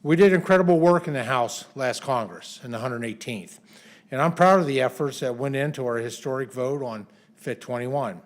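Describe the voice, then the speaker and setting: A man's voice: medium pitch, moderate pace. A man, a congressman, giving a statement at a press conference, with many fillers and restarts.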